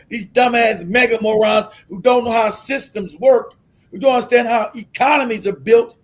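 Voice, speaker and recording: High-voiced man ranting on a stream. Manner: profane, combative ranting, shouts at times. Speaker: streamer host. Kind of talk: ranting live-stream commentary.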